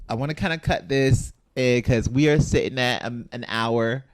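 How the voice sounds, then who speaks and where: A man hosting a podcast in casual chat, animated and expressive, with some casual swearing. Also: mid-range voice, normal speed. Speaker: podcast host.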